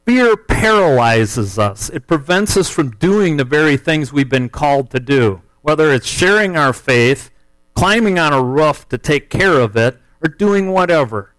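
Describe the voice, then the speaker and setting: A man's voice: fairly high pitch, animated, measured pace, fairly bright tone, no room sound, low-quality recording. Folksy man telling a story. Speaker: speaker telling a testimony. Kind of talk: storytelling sermon.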